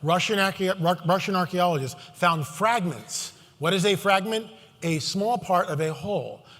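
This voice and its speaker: Give me a man preaching to a hall, animated and mocking, with a sharp bright tone. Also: sits high, normal speed. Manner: sarcastic, animated, rhetorical questions. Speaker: conference speaker. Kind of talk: live Christian prophecy talk. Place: large hall. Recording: long hall reverb.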